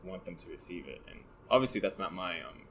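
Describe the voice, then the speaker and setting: A man with a soft voice, a photographer guest talking casually and hesitantly, often searching for words. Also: low voice, animated, quick pace, a little hiss or hum, rough recording. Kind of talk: casual conversation.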